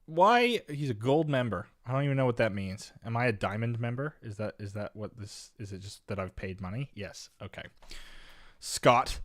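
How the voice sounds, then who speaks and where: A young man from Canada, chatting casually as he streams chess, rambling and swinging between low mumbles and loud exasperated bursts. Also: brisk, few pauses, dry recording. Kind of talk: casual live-stream chat.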